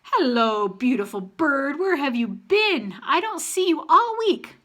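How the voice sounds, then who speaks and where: A woman voicing a gentle, fond old grandfather who speaks in a slow sing-song in a storybook reading. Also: high-pitched, sing-song, voice pushed up, exaggerated voice.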